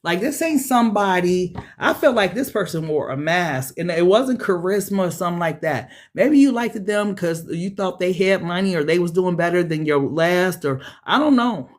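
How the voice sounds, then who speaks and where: This tarot reader talks at a normal speed with few pauses, giving viewers a casual, blunt, swear-filled reading. Now and then she jumps into high-pitched, excited bursts.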